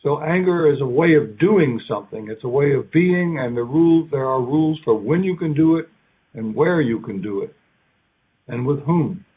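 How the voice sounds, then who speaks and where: Husky-voiced man lecturing, tinny sound. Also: medium pitch, lively intonation. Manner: conversational, halting, acts out little quoted lines. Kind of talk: academic keynote lecture. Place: lecture hall.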